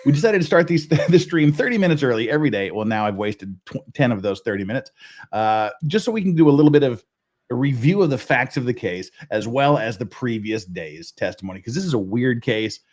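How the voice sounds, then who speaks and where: Animated, self-mocking male host. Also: mid-range voice, a little fast. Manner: self-mocking, rambling, joking. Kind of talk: casual livestream chat.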